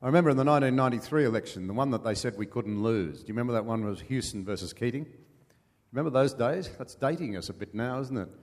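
An older man with an Australian accent, a former politician telling folksy stories as an interview guest, pausing with many fillers. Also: mid-range voice, in a large hall. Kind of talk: anecdotal storytelling.

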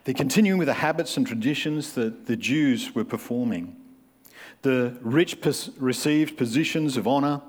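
A man's voice: medium pitch, normal speed. A man, preaching a sermon in a conversational way and acting out the people he describes. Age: 50s. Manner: conversational, acts out quoted voices.

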